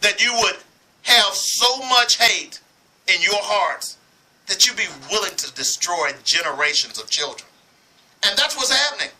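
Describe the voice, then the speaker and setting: A man's voice: sits high, pushed and bright, rough recording. A man from Arkansas giving impassioned sports commentary, heated and preachy, hammering points with repetition.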